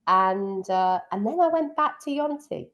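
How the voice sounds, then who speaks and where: A woman's voice: medium pitch, lively intonation, measured pace, a bit bright. A middle-aged woman, a piano teacher, chatting fondly about her student days in an interview, with many ums. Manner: fond, reminiscing, frequent ums. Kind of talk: casual interview chat.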